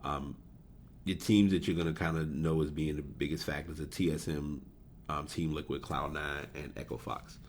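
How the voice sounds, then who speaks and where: Podcast host, male, very low voice, rambling casual delivery, faint hiss behind. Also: steady tone, normal speed. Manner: rambling, self-correcting, chuckles at himself. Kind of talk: casual solo podcast talk about esports. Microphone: desk USB microphone.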